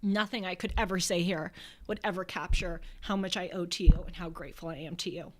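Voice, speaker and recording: A young woman, the show's host, giving a heartfelt, tearful farewell in a soft voice. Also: lowish voice, fairly even intonation, brisk, a little hiss or hum. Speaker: podcast host. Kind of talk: emotional farewell address.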